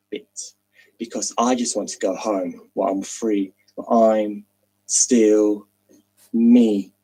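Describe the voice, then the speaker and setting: A man performing a spoken word poem slowly and dramatically, with long pauses, over a video call. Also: mid-range voice, breathy edge, poor audio.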